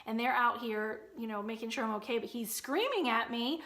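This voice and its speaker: A woman in her thirties telling a personal story on her vlog, animated, and acting out quotes in loud high bursts. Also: fairly quick. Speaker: vlogger.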